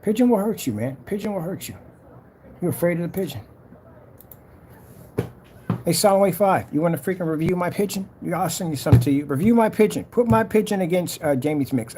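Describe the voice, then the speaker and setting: Brash trash-talking man, lively voice. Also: fairly high pitch, background noise. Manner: trash-talking, challenging, repetitive. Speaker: vlogger selling projector screen paint. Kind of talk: boastful casual rant to camera.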